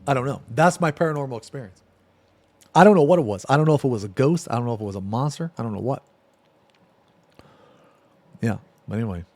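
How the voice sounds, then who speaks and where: Streaming live, a man with a medium-pitched voice talks fast but with long pauses. His rambling, profane story is casual, sinking to a near-whisper and then turning loud.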